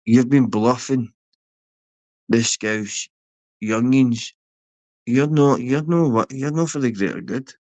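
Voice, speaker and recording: Slow, taunting Glaswegian man. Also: mid-range voice, darkish tone, no echo. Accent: Scottish, Glaswegian. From Scotland. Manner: aggressive, taunting, heavy swearing. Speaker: livestreamer. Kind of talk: confrontational livestream rant.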